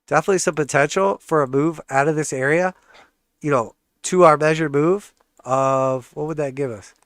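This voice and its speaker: A man's voice: fairly high pitch, normal speed, fairly bright tone, no echo, clean studio sound. A man with a congested, stuffed-up voice hosting a live trading stream, walking through charts in a casual, joking way. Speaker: trading channel host.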